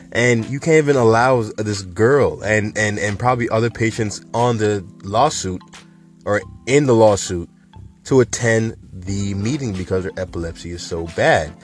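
A man hosting a casual cannabis news show, talking in an animated, chatty and emphatic way. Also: fairly low pitch.

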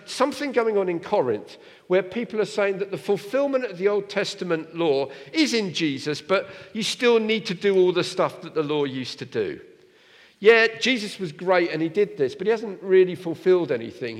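A man delivering a sermon with a fairly high voice that swings widely up and down. He presses his listeners with rhetorical questions and plain, direct appeals. His words ring out with a long reverb in a church. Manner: animated, rhetorical questions to the congregation. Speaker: preacher.

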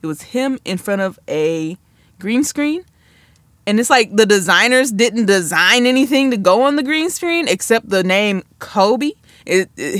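A woman's voice: fairly high pitch, a bit bright, no room sound, clean studio sound. A woman hosting a podcast, talking solo in a sassy, chatty way that drifts off on tangents. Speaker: podcast host. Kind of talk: casual solo commentary.

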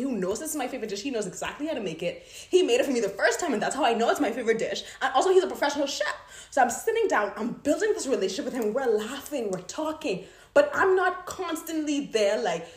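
A young woman telling a story in a casual devotional talk, animated and laughing as she goes. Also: high voice, fast talker, roomy sound. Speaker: Christian vlogger.

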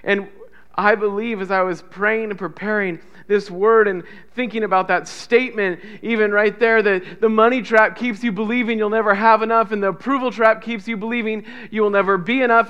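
A man preaching a sermon as pastor, swinging between loud emphatic repetition and soft hushed lines, and leading the congregation in call-and-response. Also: sits high, fairly even intonation, a little fast, smooth, dull audio. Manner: builds to loud emphatic repetition, drops to soft near-whispers.

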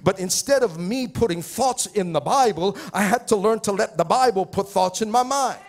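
A male pastor preaching a sermon, stammering and repeating words, building to shouted fervor. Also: sits high, moderate pace, creaky. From Pacific Islands. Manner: repetitive stammering restarts, rising to shouting fervor.

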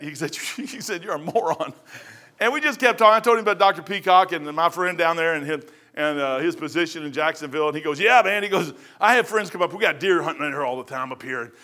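Animated high-voiced preacher. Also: male voice. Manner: animated, acts out voices in anecdotes. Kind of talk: folksy sermon storytelling.

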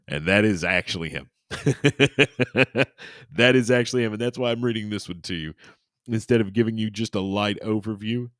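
A man's voice: on the low side, fairly quick, no echo, studio quality. A man hosting a podcast, reading aloud and chatting in a rambling, jokey way with many restarts and crude asides. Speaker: podcast host. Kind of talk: casual chat and reading aloud.

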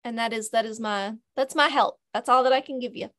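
A woman's voice: on the high side, a little fast, pushed and bright, dry recording, studio quality. A woman running a tabletop game as game master, patiently repeating directions.

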